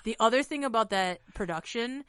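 A woman co-hosting a podcast about musical theater, telling stories in a chatty, animated way full of fillers. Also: fairly high pitch, brisk. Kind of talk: casual chat.

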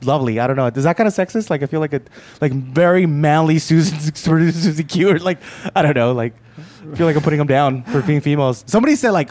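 A man's voice: fairly high pitch, animated, fast, a little mellow. A man hosting a beer podcast, joking and teasing himself, often stumbling over his starts. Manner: jokey, self-mocking, stumbling starts. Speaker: podcast host. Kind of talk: casual chat.

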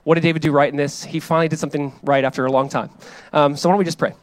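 A man in his thirties preaching and praying as a pastor, casual and energetic, often repeating and restarting phrases. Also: on the high side, very fast, hardly any pauses, no room sound. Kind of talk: sermon with prayer. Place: church hall.

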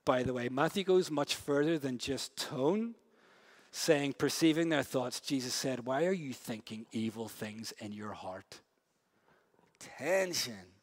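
A man preaching a sermon in a casual, slangy way, swinging between loud, quick bursts and hushed, slow stretches. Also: medium pitch. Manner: lively storytelling, big swings from loud and fast to hushed and slow; casual, slangy delivery with many "like" and "yo" asides.

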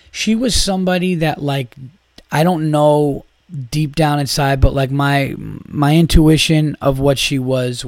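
A man's voice: medium pitch, no echo. A man, a comedian and podcast host, telling a story casually with profanity and plenty of "like" and false starts. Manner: profane, rambling, lots of "like" and restarts.

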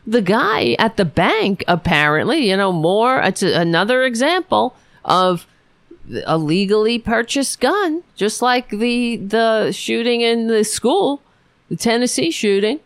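A woman's voice: on the high side, very animated, a little slow, no room sound. A woman hosting a political podcast, ranting alone in an angry, sarcastic, profane way with many restarts. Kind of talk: ranting solo commentary.

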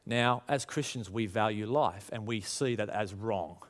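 A man's voice: lowish voice, measured pace. A man, preaching a conversational sermon to his congregation and rising in emphasis as he tells stories. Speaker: pastor.

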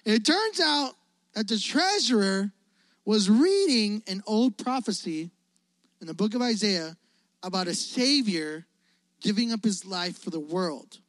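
A man preaching a casual, energetic youth sermon, telling stories and asking his listeners questions. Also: high-pitched, a little slow, no echo. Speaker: youth pastor.

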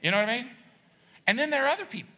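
A man's voice: very high-pitched, racing. A middle-aged man preaching a casual, jokey sermon to a church crowd, acting out voices as he goes. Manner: animated, jokey, acts out voices. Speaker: pastor. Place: large church hall with audience. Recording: long hall reverb.

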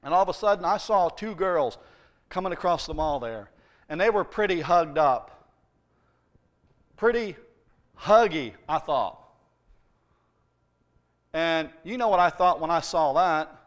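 High-voiced pastor telling stories. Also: male voice, a little slow, long pauses. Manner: storytelling, lively and emphatic, with humour. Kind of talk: sermon. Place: church.

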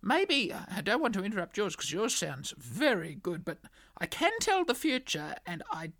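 A dotty old woman who stammers through talk of ghosts and fortunes, played by a woman. Her voice is gravelly yet bright, with lively rises and falls. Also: medium pitch, no room sound, clean studio sound. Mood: mystical. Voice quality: halting and stammering. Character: dotty elderly woman Maureen, self-styled psychic. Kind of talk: comedic radio-style sketch.

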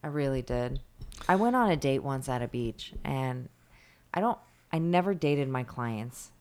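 A woman's voice: extremely low pitch, expressive, unhurried, darkish tone. A woman chatting casually and telling a story bluntly, with a lot of swearing, imitating the people in it. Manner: blunt, profane, mimics others in stories.

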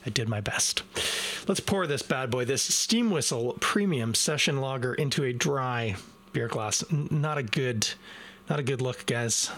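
A man's voice: medium pitch, lively intonation, unhurried, a bit bright. A man reviewing a beer live from his desk in a casual, self-deprecating way, talking straight to his viewers. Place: home desk. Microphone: desk microphone.

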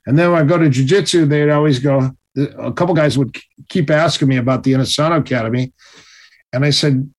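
A man telling stories in a casual interview, animated and acting out the other people's voices. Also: fairly high pitch, fairly quick. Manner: animated, acts out quoted voices. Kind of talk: casual storytelling.

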